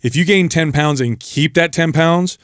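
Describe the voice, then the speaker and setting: A man's voice: on the high side, moderate pace, no room sound, clean studio sound. A man hosting a fitness podcast, chatting casually and telling stories with energy. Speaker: podcast host. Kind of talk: casual chat. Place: podcast studio.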